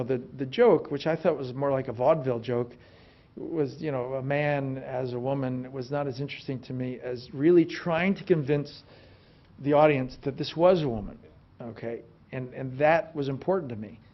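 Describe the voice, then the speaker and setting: A man, talking as a guest in an onstage conversation, relaxed and rambling with many restarts. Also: mid-range voice, normal speed, lo-fi sound. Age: late 50s. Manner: relaxed storytelling, frequent restarts and "you know". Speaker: film actor as interview guest. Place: film institute stage before an audience.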